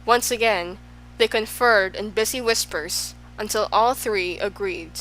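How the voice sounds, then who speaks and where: A woman narrating a children's audiobook in a steady, even reading. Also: medium pitch, a little slow, poor audio. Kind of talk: storybook narration.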